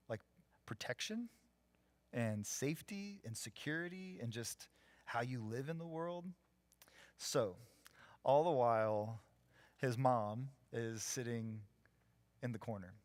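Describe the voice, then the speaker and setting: A man's voice: medium pitch, dry recording. A man preaching a live church sermon, telling a story with energy and acting out the people he quotes. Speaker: pastor.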